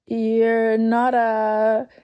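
A sensible older girl speaks with a worried, shaky edge, put on by a woman reading a storybook. Her voice stays close to the reader's own, soft and breathy. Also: mid-range voice, normal speed, muffled recording. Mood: pleading.

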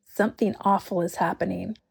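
A sensible older girl speaks with a worried, shaky edge, put on by a woman reading a storybook. Her voice stays close to the reader's own, soft and breathy. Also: medium pitch, fairly even intonation, fairly quick, heavily acted.

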